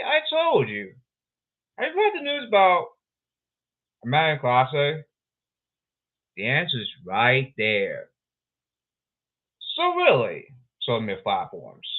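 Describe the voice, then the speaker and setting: Slow, animated man on a tinny line. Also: mid-range voice. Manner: rambling, excitable, repeats phrases. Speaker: podcast host. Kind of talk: casual solo podcast commentary. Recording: tinny phone-like sound.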